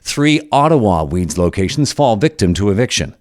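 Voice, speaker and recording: A man narrating a documentary podcast in a measured, storytelling delivery. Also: fairly low pitch, sing-song, a little mellow, no echo, studio quality.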